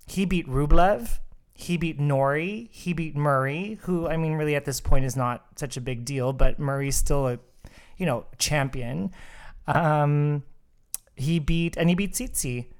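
A man's voice: on the high side, a little slow, clear, resonant tone. A man co-hosting a podcast, chatting casually in a sassy, emphatic way and filling his speech with "like". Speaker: podcast co-host. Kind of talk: casual chat.

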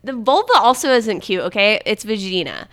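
A woman's voice: medium pitch, lively intonation, normal speed, fairly bright tone. A young woman hosting a podcast, chatting playfully and reading quotes aloud. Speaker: podcast host. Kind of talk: casual chat.

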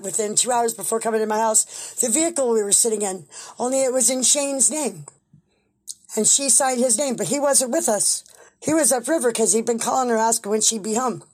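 Woman telling her story, kinda high voice, blunt, swears a lot, acts out the dialogue. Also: a little fast, breathy edge. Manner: animated, blunt and profane, acts out quoted dialogue. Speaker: interviewee recounting events. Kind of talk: casual spoken storytelling.

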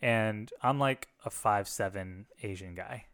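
A man's voice: on the low side, a little slow, fairly bright tone, clear, resonant tone. A man, a former pastor, talking candidly and reflectively in a casual conversation, with frequent restarts. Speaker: podcast co-host, former pastor.

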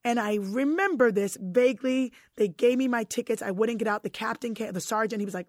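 A woman telling a personal story in casual conversation, animated and emotional, often restarting her sentences. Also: a little high, brisk, few pauses, no echo, studio quality.

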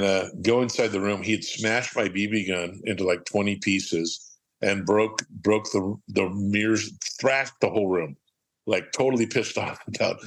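Heard through a rough recording, a fairly low-pitched male voice with vocal fry and a slightly rough texture tells rambling, profane anecdotes. He's a middle-aged podcast guest from Southern California, acting out the quotes as he tells casual stories.

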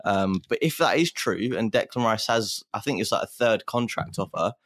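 A man co-hosting a podcast, asking questions and explaining a news story in an easygoing, measured way. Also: fairly low pitch, a bit bright, no echo, clean studio sound. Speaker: podcast co-host. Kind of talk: casual chat.

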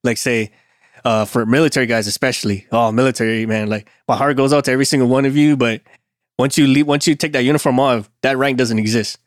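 Man, casual chat, profane, laid-back, mid pitch, dry close sound. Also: steady tone, quick pace, dry recording.

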